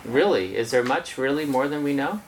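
A meditation teacher giving a relaxed, conversational dharma talk to a group of about thirty people in a room, laughing easily. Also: mid-range voice, fairly quick, slight background noise, poor audio.

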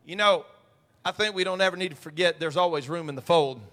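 A man preaching a sermon as pastor at a midweek church service, moving between quiet stretches and shouted, sing-song preaching cadence. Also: sits high, fast, big-room sound. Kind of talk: pentecostal-style preaching sermon.

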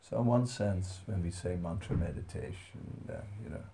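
Man, spiritual teacher, devotional talk, gravelly voice, conversational storytelling, soft-spoken. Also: sits low, very animated, normal speed, a little hiss or hum.

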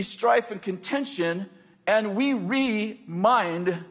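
Husky high-voiced American preacher. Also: male voice, fairly bright tone. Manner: conversational, joking, checks in with the audience. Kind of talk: sermon.

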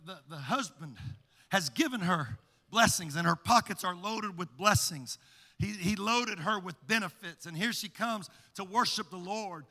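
A male pastor preaching a sermon with emphatic repetition, climbing from plain talk into shouted, sing-song cadences. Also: sits high. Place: church sanctuary. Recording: long church reverb.

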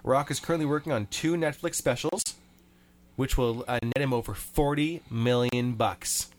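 A man's voice: medium pitch, moderate pace. A man hosting a casual studio talk show, reading out news items and laughing along with his co-hosts. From Canada. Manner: reads news items aloud, chatty and laughing. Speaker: radio show host.

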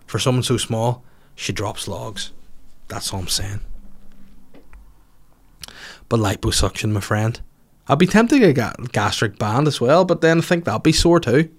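A man's voice: mid-range voice, expressive, a little slow, long pauses. A man, a comedian hosting his podcast, chatting casually and crudely through listener questions and swearing freely.

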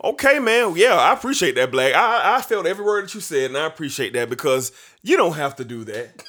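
Animated, scolding sports podcast host man. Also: a little high, a little fast. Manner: emphatic, scolding, repeats names for effect. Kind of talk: animated sports talk rant.

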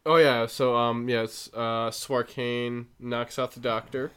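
Podcast guy retelling a movie plot, smooth clear voice, lots of ums and restarts. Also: medium pitch, level tone, takes it slowly, fairly bright tone. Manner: rambling, filler-heavy storytelling with self-corrections. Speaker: podcast host. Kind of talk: casual movie recap chat.

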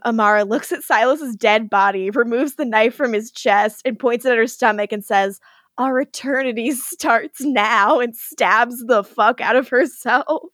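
Chatty woman recapping an episode, higher voice. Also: dry recording, studio quality. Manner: animated retelling, acting out characters' lines, laughing often. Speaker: podcast co-host. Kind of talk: casual recap chat.

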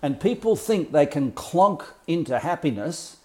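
A man's voice: a little high, sing-song, measured pace. A man talking as a life coach, explaining ideas in a blunt, colourful way with swearing and mimicked sounds. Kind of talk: casual explanatory talk.

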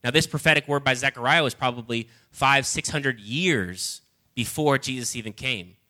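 A man preaching a sermon and reading scripture, earnest and halting, often repeating words as he restarts. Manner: rises loud and high when reading quoted lines.

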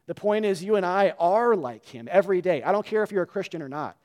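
A man preaching a sermon in a conversational way, with frequent fillers and restarts, his voice dropping low and quiet for asides. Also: lively intonation, fast talker. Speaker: pastor.

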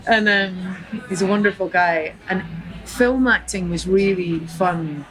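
A woman guest talking casually about her acting and music, quick to joke. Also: medium pitch, a bit bright. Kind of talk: casual chat.

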